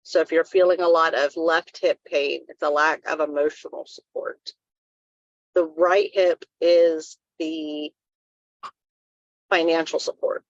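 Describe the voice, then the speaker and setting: A woman's voice: sits low, steady tone, measured pace, no echo, dull audio. A woman co-hosting a live wellness talk stream, giving earnest advice in a casual, rambling way.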